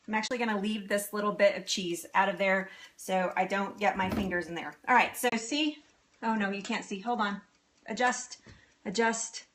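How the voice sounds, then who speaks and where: Bright, giggly woman hosting a cooking stream. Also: medium pitch. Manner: chatty, giggly, answers viewer comments. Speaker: cooking show host. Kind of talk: live-streamed cooking demo. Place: home kitchen.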